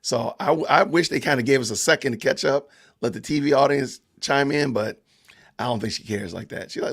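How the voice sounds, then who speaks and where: A man's voice: mid-range voice, a little fast, vocal fry, fairly bright tone. A man with a Southern Georgia accent hosting a casual livestream podcast, chatting loosely with viewers and greeting the chat. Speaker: podcast host.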